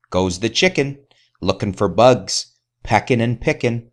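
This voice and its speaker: A man's voice: medium pitch, animated, measured pace. A man narrating a rhyming children's story in a playful sing-song way. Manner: sing-song, playful, imitates animal sounds.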